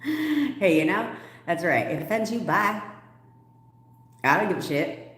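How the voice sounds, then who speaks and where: A woman's voice: medium pitch, unhurried, echoey room. Blunt, profane woman coach. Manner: blunt, profane, animated, laughs often. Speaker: manifestation coach. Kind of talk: livestream Q&A.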